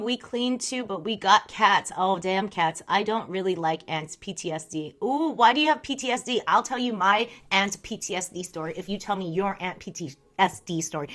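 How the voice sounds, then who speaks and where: Young woman streamer just chatting w viewers, bright voice, laughs a lot, rambly stories. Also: mid-range voice. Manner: chatty, laughs often, reads chat messages aloud. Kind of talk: casual live-stream chat.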